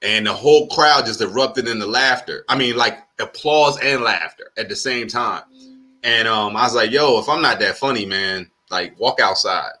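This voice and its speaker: A man hosting a casual chat with fellow comedians over a video call, lively and restarting his words as he talks. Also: fairly low pitch, moderate pace. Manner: lively, repeats words when starting. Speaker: host comedian.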